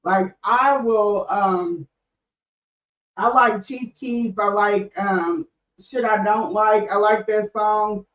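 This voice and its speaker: A woman's voice: medium pitch, fairly even intonation, takes it slowly, distant mic. A middle-aged woman who hosts a podcast, talking candidly and casually with frequent restarts. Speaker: podcast host. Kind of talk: casual livestream talk. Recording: echoey room, off-mic, dull sound.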